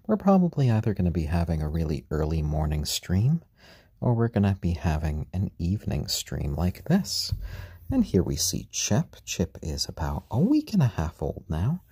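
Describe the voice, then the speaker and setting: A tired man hosting a casual live stream from home, talking gently and unhurriedly, often cooing to a chick. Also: very deep voice, slightly rough, no echo, studio quality. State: tired after a long workday. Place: at home, indoors.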